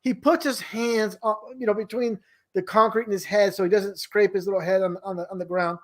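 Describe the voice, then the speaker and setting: A high-pitched man speaks briskly with fairly even intonation as a guest in a casual conversation. He talks at length, rambling and restarting frequently, sounding incredulous.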